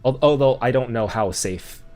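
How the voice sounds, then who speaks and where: A man's voice: mid-range voice, moderate pace, darkish tone, faint music behind. A man streaming a video game, chatting casually and rambling through jokes with stammering restarts. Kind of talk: casual gaming stream chat.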